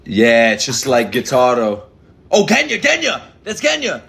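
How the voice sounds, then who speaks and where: A man hosting an anime reaction, talking casually and excitably, swearing often and breaking into shouts. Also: mid-range voice, moderate pace, creaky. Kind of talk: live reaction commentary. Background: anime soundtrack and dialogue playing.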